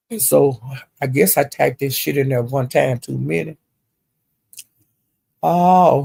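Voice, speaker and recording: An older woman telling a story in a loud, profane, animated casual rant. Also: low-pitched, slow, gravelly, long pauses, breathy edge.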